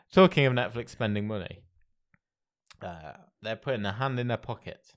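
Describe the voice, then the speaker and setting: In an unhurried, lowish voice, a male co-host reads out entertainment news on a casual podcast. His manner stays chatty throughout.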